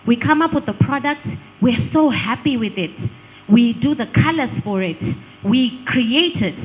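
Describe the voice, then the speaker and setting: A woman gives an engaging live workshop talk, her voice riding fairly high with a very animated, swooping pitch. She quizzes the room and laughs readily as she talks. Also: poor audio. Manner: lively, engaging, asks the room questions, laughs often. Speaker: speaker on digital branding.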